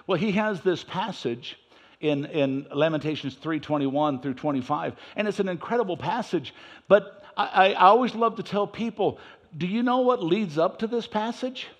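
Pastor guy preaching in church, pretty high voice, gets loud then drops way down. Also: moderate pace. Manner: animated preaching, swinging between loud emphasis and quiet asides. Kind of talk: sermon.

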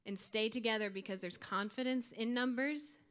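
A woman's voice: a little high, normal speed, a bit bright, clear, resonant tone. A young woman giving an earnest, informal youth sermon to her church group, with light laughs. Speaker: youth speaker.

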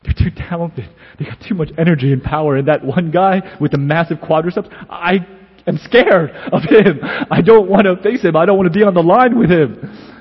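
A man voicing a despondent losing football player who whines and pleads in a husky voice. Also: high voice, moderate pace, hardly any pauses, long reverb tail, muffled recording, voice pushed up. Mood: scared. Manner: whining, rising to loud pleading.

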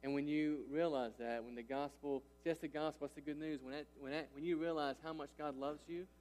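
His voice on the high side with a darkish tone, a male pastor in his thirties preaches a little fast with fairly even intonation. Long hall reverb surrounds his emphatic sermon, and he keeps saying "right?" and "listen" to engage listeners.

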